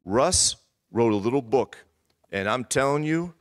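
A middle-aged man preaches in a church with a mid-range voice, leaning hard on repeated phrases. He often sinks into a hushed, intimate tone to draw listeners in. The sound is dry and close, with no room echo. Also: medium pitch, animated, a little slow. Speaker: pastor. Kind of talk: sermon.

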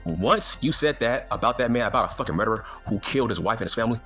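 A man's voice: lowish voice, animated, quick pace, fairly bright tone, soft background music. A man delivering an angry, profane, mocking rant to camera as a wrestling YouTuber. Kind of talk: angry ranting monologue.

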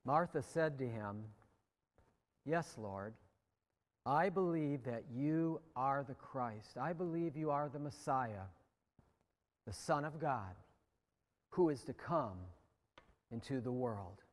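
An American man preaching a sermon as pastor, slow and deliberate, letting phrase endings drop quiet. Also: mid-range voice, animated, big-room sound. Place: church sanctuary.

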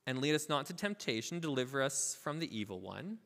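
Animated pastor preaching in a reverberant hall. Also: male voice, medium pitch, brisk, gravelly. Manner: animated storytelling, acting out the parable's voices; informal, filler-heavy asides. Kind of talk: sermon. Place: church sanctuary.

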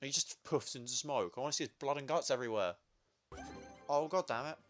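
A man's voice: medium pitch, fairly quick, faint music behind. A young man giving crude, sarcastic, swear-heavy commentary while playing a party video game. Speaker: gamer. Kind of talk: let's play commentary.

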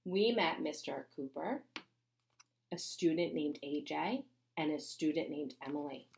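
A woman reading a children's chapter book aloud in an expressive, playful way. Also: sits low, unhurried, vocal fry. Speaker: reader.

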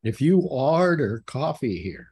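A man hosting a casual group chat, teasing his guests and telling stories with lively energy. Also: mid-range voice, takes it slowly, slightly rough. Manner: teasing, animated storyteller. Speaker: host.

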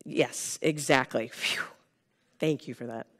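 A woman's voice: rumbling low, takes it slowly, a bit bright. Conversational woman keynote speaker in her fifties. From Sonoma County, California. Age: 50s. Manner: conversational, with frequent "right?" tags to the audience. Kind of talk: conference keynote talk. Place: conference room with a live audience.

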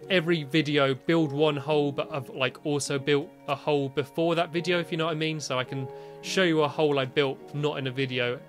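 A man's voice: mid-range voice, a bit bright. A young British man chatting casually as he commentates his own gameplay, rambling and friendly. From Britain. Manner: chatty, rambling, shrieks when scared. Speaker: gaming YouTuber.

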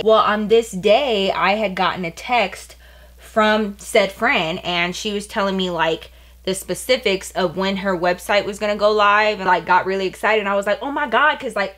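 A young woman vlogger telling a story casually while getting ready, animated, sprinkling "like" everywhere, with blunt slang. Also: medium pitch. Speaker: beauty vlogger.

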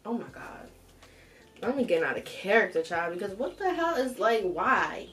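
A young woman hosting an advice show, reading a submitted story aloud and reacting to it with animated, profane commentary. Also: mid-range voice, normal speed, rough recording. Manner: animated, swears freely, reacts loudly between read passages.

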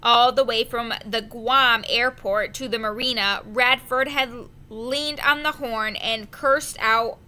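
A woman reading a children's adventure novel aloud, slow and careful, with the odd slip of the tongue. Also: on the high side, steady tone, sharp tone, smooth. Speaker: audiobook reader. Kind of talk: storybook narration.

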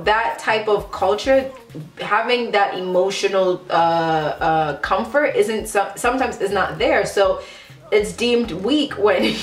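Young woman vlogger, chatty and frank, mid-range voice, roomy echo. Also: medium pitch. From United States, Ghanaian family. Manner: chatty and candid, many "like" fillers. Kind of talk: casual confessional vlog. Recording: roomy echo, faint background music.

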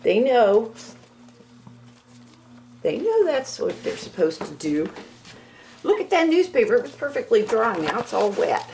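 Gravelly, sing-song woman cooing at puppies. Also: mid-range voice, big pitch swings, a little slow, pauses often, a little mellow, slight background noise. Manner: coaxing, cooing baby talk to puppies. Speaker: dog breeder filming her litter. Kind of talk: casual talk to puppies while filming. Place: home, by a whelping box. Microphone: handheld camera.

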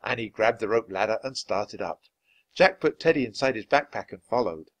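A man's voice: on the low side, lively intonation, normal speed, fairly bright tone. A man reading a children's chapter book aloud at a natural speed for English learners. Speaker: storybook reader.

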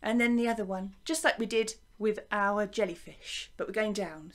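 A woman with an English accent teaching young children a music and movement lesson to camera, gentle and encouraging, chanting along with the actions. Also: medium pitch, expressive, moderate pace, few pauses. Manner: gentle, encouraging, sing-song counting and chanting. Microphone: wearing a microphone.

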